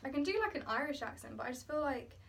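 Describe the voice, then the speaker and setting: A woman's voice: high voice, quick pace, gravelly, fairly bright tone. A young woman in a casual drama class discussion, chatty and articulate, full of "like". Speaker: drama student. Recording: voice from a distance.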